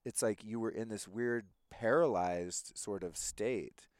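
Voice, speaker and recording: A man telling a story in casual conversation, animated, swearing freely and acting out quoted voices. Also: lowish voice, takes it slowly, clean tone, dry recording. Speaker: podcast guest.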